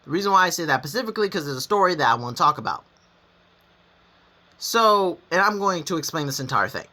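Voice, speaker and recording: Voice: mid-range voice, sing-song, fast talker, pushed and bright. A young adult gaming vlogger telling personal stories to the camera, rambling and blunt, with frequent restarts and self-corrections and casual swearing. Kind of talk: candid personal storytelling to camera.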